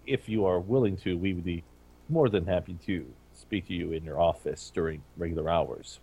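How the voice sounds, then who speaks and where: A man's voice: deep voice, moderate pace, mellow, slightly rough. A man playing a tabletop game who often stammers and restarts his sentences. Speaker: player.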